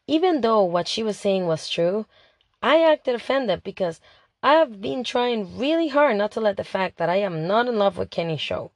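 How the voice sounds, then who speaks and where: A woman's voice: mid-range voice, animated, normal speed, darkish tone, no echo, clean studio sound. A woman reading a first-person diary as an audiobook, chatty, dramatic and exasperated. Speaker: audiobook narrator.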